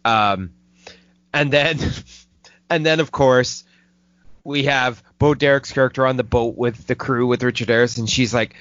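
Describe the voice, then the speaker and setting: A man hosting a casual movie review podcast, swearing a lot and rambling excitedly. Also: mid-range voice, moderate pace, dry recording. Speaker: film podcast host. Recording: dull lo-fi dry recording.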